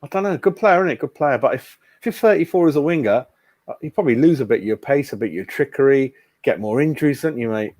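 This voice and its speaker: A man's voice: medium pitch, expressive, quick pace, a little mellow, dry recording. A man hosting a casual fan live stream, chatting bluntly and calling everyone mate. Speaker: fan channel host.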